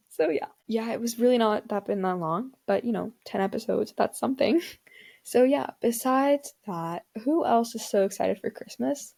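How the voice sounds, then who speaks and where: Fairly high in pitch and moderately paced, this teenage girl's voice carries vocal fry and a darkish tone. Of Indian family background, she runs a solo podcast full of casual, dramatic chatter and fillers.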